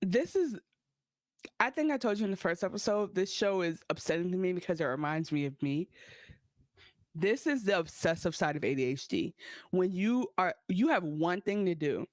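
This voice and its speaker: A woman co-hosting a podcast, chatting casually and acting out quotes with lively, profane energy. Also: fairly low pitch, moderate pace, no room sound. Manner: animated, profane, acts out quotes. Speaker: podcast co-host. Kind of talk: casual recap chat.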